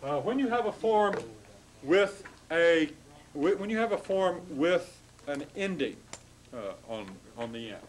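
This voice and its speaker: Male teacher, a touch high-voiced, halting explanatory classroom lecture, faint background hum. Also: expressive, rough recording. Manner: explanatory, halting, with frequent restarts and "okay?" checks. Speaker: Hebrew teacher.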